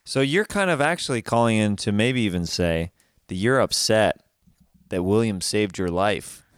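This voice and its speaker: A male podcast host jokes around in loose, casual chat, teasing his guests with a mocking edge. His pitch jumps around a lot, and the recording is close and dry. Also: lively intonation, moderate pace, smooth, no room sound.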